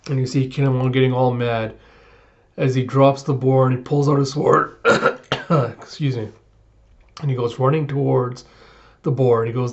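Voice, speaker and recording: A man talks through a comic chapter in a chatty, sarcastic way. His voice sits at an average pitch. The recording is dull and lo-fi. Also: steady tone, normal speed. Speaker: manga reviewer. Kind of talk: casual reaction recap.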